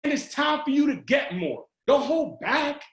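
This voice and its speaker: A man giving an energetic motivational pep talk to a sales team over a video call, often shouting and urging listeners on. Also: very high voice, normal speed. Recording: roomy video call audio.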